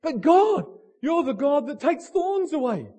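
A man's voice: sing-song, unhurried, dark tone, full character voice. A man acting out a desperate grown man who whines and pleads with God during a sermon. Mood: pleading, whiny. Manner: whiny, high and pleading.

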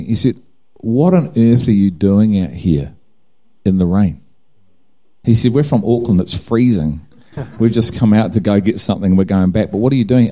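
On the low side and warm in tone, a middle-aged man's New Zealand-accented voice carries a testimony sermon. As a preacher he narrates his own story, acting out conversations and joking at his own expense.

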